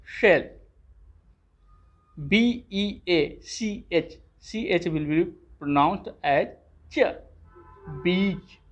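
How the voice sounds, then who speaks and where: A teacher giving a phonics lesson to young children, spelling each word letter by letter and then saying it clearly. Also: mid-range voice, takes it slowly, few pauses, faint music behind.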